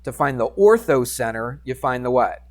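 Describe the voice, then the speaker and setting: A male math teacher talks his class through geometry in a relaxed, chatty way, at an ordinary middle pitch. He pokes fun at himself and keeps checking in with questions for his students. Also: moderate pace. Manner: casual, self-deprecating, keeps quizzing the class.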